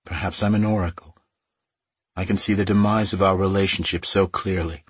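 A man's voice: deep voice, steady tone, brisk, husky, dry recording. A man voicing a cold, defiant young woman. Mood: bitter.

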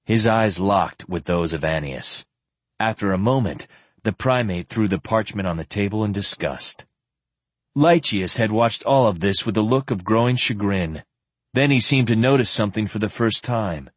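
A man narrating an audiobook in a calm, expressive, scripted way. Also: on the low side, normal speed, no echo.

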